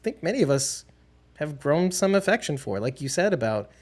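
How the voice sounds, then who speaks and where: A man's voice: on the high side, big pitch swings, normal speed. A man hosting a casual podcast, rambling and correcting himself as he goes and laughing often. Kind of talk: casual chat.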